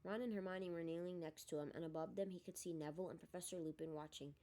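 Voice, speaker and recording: A woman reading a novel aloud in a steady storytelling manner. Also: on the low side, fast. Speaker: audiobook reader. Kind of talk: storybook narration.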